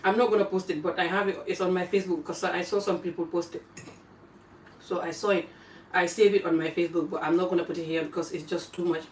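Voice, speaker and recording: An African woman vlogging casually while eating, chatting in an animated way and jumping from topic to topic. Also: lowish voice, fast talker, a little hiss or hum. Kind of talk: casual live-stream chat while eating. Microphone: phone camera pointed away from her. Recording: roomy phone audio from a distance.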